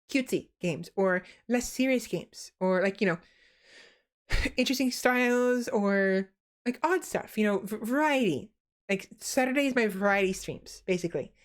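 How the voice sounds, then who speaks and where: A young woman streaming as a VTuber, a naturally fast talker consciously slowing down to enunciate, often sighing and laughing softly between phrases. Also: medium pitch, animated. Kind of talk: casual stream chat.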